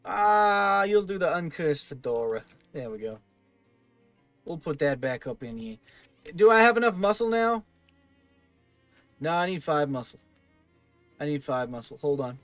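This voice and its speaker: A man's voice: a little high, very animated, unhurried, long pauses, fairly bright tone, no echo, faint music behind. A man giving let's play commentary, thinking aloud and muttering through item lists. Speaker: gaming video host.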